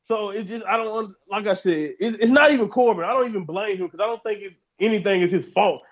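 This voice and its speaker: A man's voice: high-pitched, fast talker, dull audio. A man co-hosting a podcast, chatting casually and rambling, hedging and restarting often. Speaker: podcast co-host. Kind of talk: casual wrestling chat.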